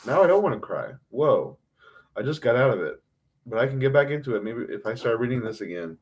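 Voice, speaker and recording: A man giving an emotional, self-critical confessional monologue on a livestream, rambling with halting restarts and frequent swearing. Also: medium pitch, big pitch swings.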